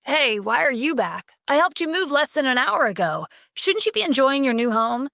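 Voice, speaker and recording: A woman voicing a calm, stern young man who heads a security department, speaking firmly in an audio drama. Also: sits high, normal speed, creaky, dry recording, clean studio sound, voice pushed up, full character voice. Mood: friendly. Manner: cool, firm, demanding. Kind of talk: audiobook character voice.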